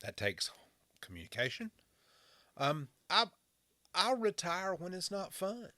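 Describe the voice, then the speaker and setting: A man's voice: high voice, big pitch swings, measured pace, pushed and bright, no room sound. A man in his fifties from western North Carolina with a Southern drawl, chatting as a podcast guest in a folksy, joking way, often restarting his words. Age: 50s. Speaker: fire chief, podcast guest. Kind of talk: casual chat.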